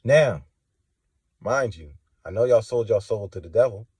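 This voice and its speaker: A man giving impassioned spoken testimony, preachy and confrontational, swinging from low and quiet to loud and high. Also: expressive, a little slow, husky, no echo. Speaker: religious testimony vlogger.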